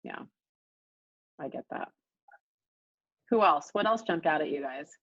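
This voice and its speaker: A woman's voice: low voice, lively intonation, measured pace, a bit bright, dry recording, muffled recording. A woman real estate coach leading a group coaching call, speaking emphatically and repeating points for stress, over a video call.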